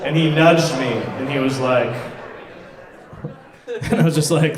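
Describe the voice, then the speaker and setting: A man's voice: a little high, unhurried, long pauses. A young man performing a self-deprecating stand-up comedy set at a party venue, often laughing at his own jokes. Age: young adult. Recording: echoey room with crowd laughter.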